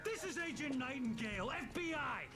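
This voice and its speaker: A hostile barking FBI agent. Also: male voice, very high-pitched, lively intonation, normal speed. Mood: threatening. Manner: threatening, barking orders. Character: hostile, foul-mouthed male FBI agent. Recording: game audio over loud music.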